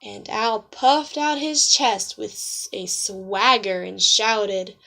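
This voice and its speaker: Woman teacher, picture book read-aloud, gentle, questioning, hushed asides, unhurried. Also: a little high, animated.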